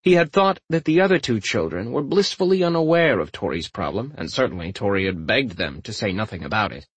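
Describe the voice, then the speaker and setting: A man narrating a fantasy audiobook with lively, expressive storytelling. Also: fairly low pitch, fairly quick, husky, dry recording. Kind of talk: scripted narration.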